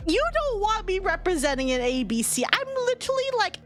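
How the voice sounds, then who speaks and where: A woman's voice: extremely high pitch, sing-song, brisk, a bit bright, soft background music. A young woman streaming a game in casual chat, laughing constantly and swearing freely. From United States.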